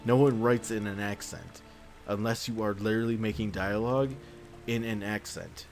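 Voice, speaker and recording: A man's voice: lowish voice, fairly even intonation, moderate pace, gravelly, darkish tone, soft background music. Exasperated, swearing male game streamer. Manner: exasperated, swears often, rambling. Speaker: let's play host. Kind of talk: gameplay commentary, ranting.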